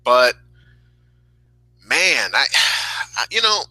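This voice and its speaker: Man, very bright voice, dry close sound, rambling candid co-host, casual wrestling chat. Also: mid-range voice, very animated, very slow, dry recording, poor audio. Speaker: podcast co-host.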